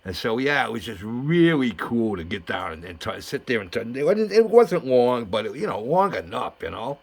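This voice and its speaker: Chatty excited man telling a story. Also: medium pitch, normal speed, creaky. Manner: chatty, excitable, lots of fillers and restarts. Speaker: model building channel host. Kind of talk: casual vlog storytelling.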